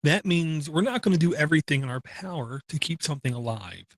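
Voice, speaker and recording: Blunt, opinionated older podcast host. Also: male voice, on the high side, expressive, a little fast, no echo. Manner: opinionated, blunt, self-described grumpy. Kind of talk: casual tech podcast chat.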